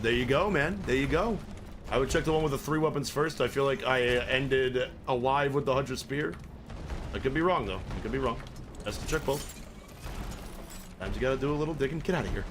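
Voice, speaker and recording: A man's voice: medium pitch, background noise. A man streaming a game live, swearing in frustration and chatting with his viewers. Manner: profane, exasperated, chatting with viewers. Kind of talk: live gameplay commentary.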